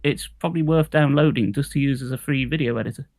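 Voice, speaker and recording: Podcast guy rambling along, lots of likes and ums, mid pitch, dry close sound. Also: fast talker, a little mellow, dry recording. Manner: rambling, many fillers and swearing. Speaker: podcast co-host. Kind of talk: casual chat.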